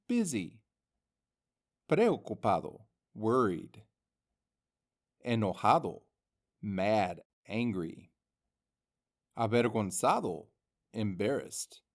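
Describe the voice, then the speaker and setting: A male teacher narrates an instructional lesson in a slow, deliberate voice. His pitch moves up and down a great deal as he reads out each word and its meaning. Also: darkish tone. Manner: slow and deliberate, reading words and their meanings. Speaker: language teacher.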